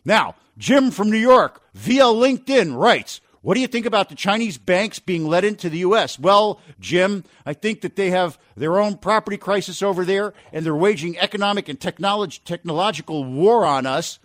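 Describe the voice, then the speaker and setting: A man hosting a business talk radio show, reading listener emails and giving brisk, opinionated editorials with rhetorical questions. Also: high voice, animated, fairly bright tone, no room sound, clean studio sound.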